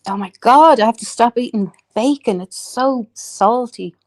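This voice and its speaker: A woman's voice: a little high, measured pace, darkish tone. Chatty Irish woman streaming live. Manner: chatty, swearing freely, laughing often, reading out chat comments. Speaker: livestreamer chatting with viewers. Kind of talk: casual live-stream chat.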